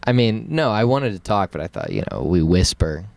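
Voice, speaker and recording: A man co-hosting a podcast, telling a story in casual chat, animated and laughing often as he acts out quotes. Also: sits low, a little fast, gravelly, dry recording. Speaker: podcast co-host.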